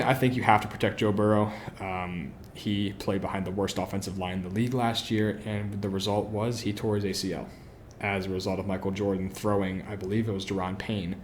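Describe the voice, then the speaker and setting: An opinionated man hosts a football podcast on his own, posing questions and then answering them with plenty of "you know" and "um." His voice sits on the low side. A faint hiss of background noise runs under the recording. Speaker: podcast host. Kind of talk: solo football analysis podcast.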